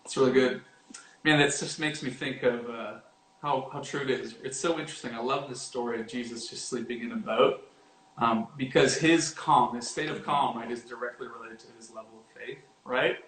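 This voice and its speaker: A man giving a casual devotional talk as a youth pastor, animated and often acting out quoted lines. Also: normal speed, a little hiss or hum. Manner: animated, acts out quoted lines with rising pitch. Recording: roomy echo with faint ambience.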